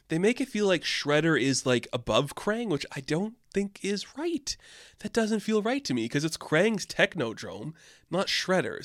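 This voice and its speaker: A man hosting a podcast, talking through a film in a loose, rambling way with strong opinions. His voice sits at an ordinary pitch, and the close mic leaves it dry, with no room sound. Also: fairly bright tone, dry recording. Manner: rambling and opinionated, many fillers. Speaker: podcast host. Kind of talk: casual film review monologue.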